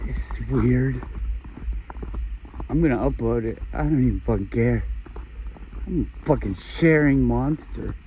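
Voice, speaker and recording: A man talking to the camera in a meandering, philosophical monologue, with lots of swearing, restarts and low muttered asides. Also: lively intonation, normal speed, warm tone, slight background noise, low-quality recording. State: emotional, has been crying. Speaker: vlogger. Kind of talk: rambling personal monologue.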